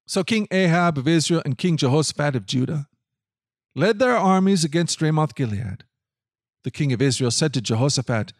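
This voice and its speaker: A man's voice: mid-range voice, lively intonation, moderate pace, dry recording, clean studio sound. Man narrating a Bible reading.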